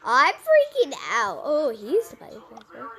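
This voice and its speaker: A young woman commentating her gameplay aloud, excitable, squealing and giggling at every surprise and narrating each event as it happens. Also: sits high, a little slow, vocal fry. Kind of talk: excited let's-play commentary.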